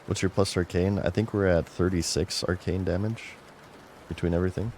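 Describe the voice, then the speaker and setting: A man's voice: low voice, brisk, slight background noise. A man streaming a game, chatting casually and muttering to himself as he plays. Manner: relaxed, chatty, mutters to himself while playing. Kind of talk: casual gameplay commentary.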